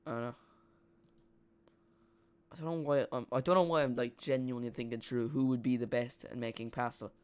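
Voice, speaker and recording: A man hosts a live football watch-along, half calling the match and half rambling off into jokes with his chat. His voice is smooth and clear, sitting at an ordinary pitch for a man. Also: steady tone, fairly quick, long pauses, darkish tone.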